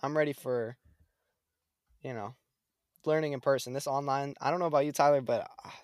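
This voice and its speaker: A young man chatting casually, telling a story in a lively, slangy way. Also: medium pitch, brisk, dry recording, clean studio sound. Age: young adult. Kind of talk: casual chat.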